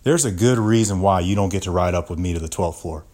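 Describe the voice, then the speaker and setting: A man's voice: low-pitched, fast talker, a little mellow. A young man hosting a podcast, ranting with exaggerated mock outrage and constant swearing. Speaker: podcast host. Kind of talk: comedic podcast rant.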